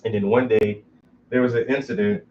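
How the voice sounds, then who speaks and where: A man's voice: fairly low pitch, fairly even intonation, a little fast, a little mellow, slight background noise. A man hosting a casual chat, talking bluntly and profanely and laughing often. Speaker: host. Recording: dull, muffled recording.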